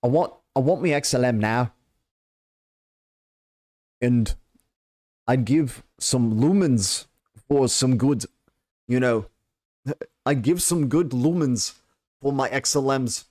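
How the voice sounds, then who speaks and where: A man attempting a mixed Irish and Russian accent, loud and hammy, with laughter breaking through. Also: mid-range voice, slow pace, pauses often, dry recording, clean studio sound, natural voice. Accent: put-on Irish and Russian mix. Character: clumsy Irish-Russian mix of a male voice.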